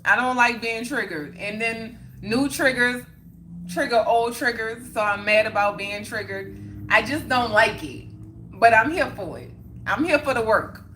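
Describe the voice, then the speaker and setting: A woman's voice: fairly high pitch, measured pace, sharp tone, a little hiss or hum. A young woman chatting casually on a livestream, answering viewer comments and repeating her points for emphasis. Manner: emphatic and repetitive, circling back on points. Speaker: livestream host.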